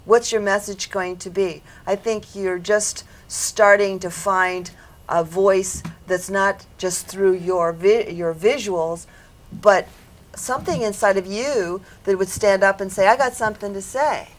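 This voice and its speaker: Slow, earnest woman psychic. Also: mid-range voice, steady tone. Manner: slow, earnest and reflective, asking if it makes sense. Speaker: psychic on a panel. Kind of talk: giving a reading to an audience member. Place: studio with audience.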